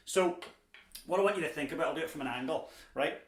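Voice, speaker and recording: A man's voice: on the high side, quick pace. Man teaching drums in an echoey room. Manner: chatty, encouraging, cracks dad jokes. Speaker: drumming teacher. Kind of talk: instructional lesson. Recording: echoey room with clear background noise.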